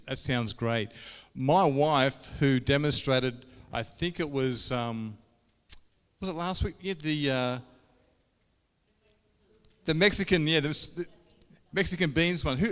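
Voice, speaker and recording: A man's voice: mid-range voice, clean tone. A man hosting a cooking event, introducing it informally with many fillers and restarts. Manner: informal, halting, with fillers and laughs. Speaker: event host. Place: church hall. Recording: reverberant hall.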